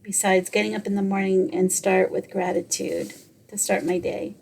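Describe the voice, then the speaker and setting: A woman's voice: medium pitch, flat delivery, moderate pace, gravelly, a little mellow. A middle-aged woman hosting a podcast, telling a personal story and giving motivational advice in an earnest way. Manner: earnest, repeats phrases, quotes others in her own voice. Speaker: podcast host.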